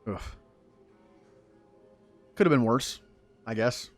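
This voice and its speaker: A man from the southern United States gives casual gameplay commentary. His voice sits at an ordinary middle pitch, and his talk is chatty and rambling, with frequent laughs. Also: normal speed, faint music behind. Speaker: gaming streamer.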